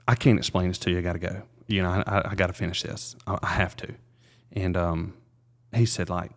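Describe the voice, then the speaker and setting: A man with a very low voice tells a personal story in an interview. He speaks earnestly and haltingly, often restarting his sentences and filling pauses. He sounds like a man in his thirties. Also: fairly even intonation. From South Carolina. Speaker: realtor, interview guest.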